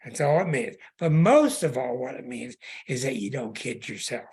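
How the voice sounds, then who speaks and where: A male astrologer host reads a caller's chart with a husky, slightly rough voice. His pitch swings widely as he hammers home his points. He is plain-spoken and repeats himself for emphasis. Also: animated, moderate pace, darkish tone. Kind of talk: call-in astrology chart reading.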